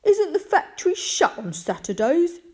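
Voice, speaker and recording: A woman voicing a fussy, easily disgusted grown man visitor who exclaims loudly and speaks icily. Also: extremely high pitch, sing-song, normal speed, voice pushed up. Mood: suspicious.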